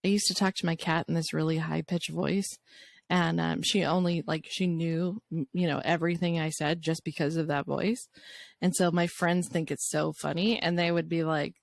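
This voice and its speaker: A woman's voice: deep voice, steady tone, moderate pace, creaky, no echo. A woman co-hosting a casual podcast chat, talking frankly and swearing freely. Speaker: co-host.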